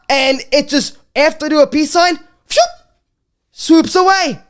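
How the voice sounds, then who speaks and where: Young woman comic host, voice on the high side, animated storytelling with lots of stammered restarts. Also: a little slow. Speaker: podcast host. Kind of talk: comedic storytelling monologue.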